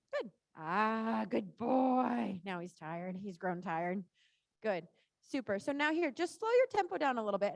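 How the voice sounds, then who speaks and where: A woman's voice: sits high, dry recording. A woman riding instructor coaching a rider through a live lesson, chatty and encouraging, often saying "right?" and "good".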